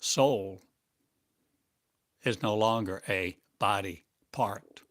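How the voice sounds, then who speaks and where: A man giving a channeled spiritual monologue as a teacher, speaking in drawn-out phrases and asking one rhetorical question after another. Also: fairly low pitch, a bit bright, no room sound.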